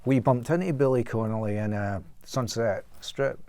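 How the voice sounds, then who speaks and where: A man's voice: mid-range voice, moderate pace, dry recording. A Scottish man, a band member in an interview, telling rambling anecdotes in casual chat. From Scotland. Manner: rambling anecdotes with animated quotes.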